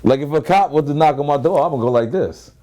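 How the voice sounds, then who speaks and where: A fast-talking rapper in his 30s from Queens, New York, with a slightly high, warm voice. As an interview guest, he tells loose, profane stories and acts out both sides of each exchange.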